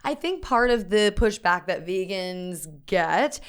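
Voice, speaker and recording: A woman's voice: medium pitch, animated, slow, smooth. A woman co-hosting a podcast in casual, upbeat, emphatic chat. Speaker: podcast co-host.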